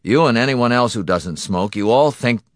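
A man reading a story, voicing a grumpy middle-aged husband trying to quit smoking, with a rasping, irritable delivery. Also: medium pitch, lively intonation, normal speed, no echo, studio quality, voice pushed up, close to an everyday voice. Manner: gruff, irritable.

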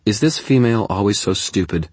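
A man's voice: fairly low pitch, lively intonation, brisk, darkish tone, breathy edge, no echo, voice pushed up. A man voicing a haughty, aloof young woman who speaks in a cold, disdainful, clipped way.

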